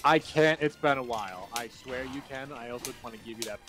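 A man's voice: medium pitch, fast. A young man casually chatting while streaming a game, joking, riffing and swearing loosely. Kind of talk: casual gaming stream chat. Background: game music.

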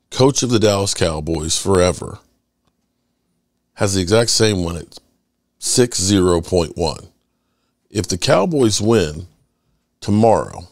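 A middle-aged man hosting his sports channel, chatting casually and rambling through stories with lively swearing. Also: low voice, dry recording, studio quality. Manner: animated storyteller, swears freely. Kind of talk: casual rambling fan chat.

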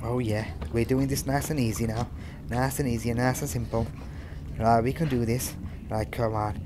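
A man giving casual live commentary on a horror game, swearing freely and talking to the characters on screen, yelling when chased. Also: medium pitch, steady tone, normal speed, noisy background. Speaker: gameplay commentator.

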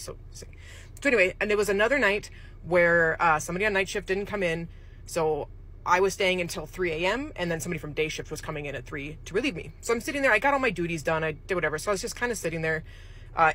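A woman's voice: fairly low pitch, quick pace, fairly bright tone. A woman casually telling a creepy true story, chatty and rambling, with laughs mid-sentence. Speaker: storyteller host.

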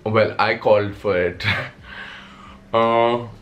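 A man's voice: fairly low pitch, fairly even intonation, slow, highs cut off, faint music behind. A young man from Nepal with a Nepali accent, a content creator answering viewer questions in a casual vlog, wry and self-mocking.

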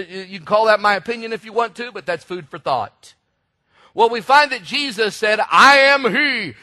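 A man preaching a sermon, telling stories with animated delivery and sudden shouted emphasis. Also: sits high. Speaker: pastor.

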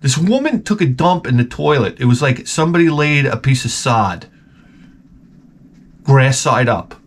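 A man's voice: mid-range voice, sing-song, normal speed. A man hosting his own vlog, telling crude, profane stories in a rambling comic monologue. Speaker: vlog host.

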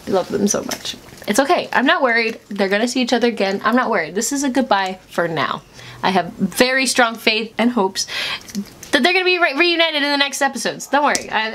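A woman with a high, bright voice reacting to a show in a casual, gushing way. She gets excitable and tips into squeals. A faint hiss sits behind her. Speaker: reaction video host.

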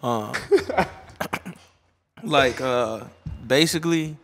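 A man's voice: mid-range voice, extremely slow, fairly bright tone, faint music behind. A young man from Chicago, a DJ, chatting casually in an interview, joking, profane and rambling. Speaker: DJ guest.

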